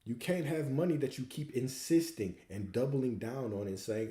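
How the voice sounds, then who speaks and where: This man answers viewer questions on a livestream, coaching them and pressing points through repeated rhetorical questions. He speaks at medium pitch and a moderate pace, with lively intonation and a dark tone, and the room is reverberant.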